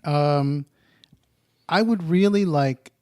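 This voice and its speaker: A man's voice: on the high side, slow, darkish tone, clear, resonant tone, dry recording, studio quality. A man talking casually as a podcast guest, telling stories with joking asides. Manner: chatty storyteller, joking asides. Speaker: guest, addiction interventionist.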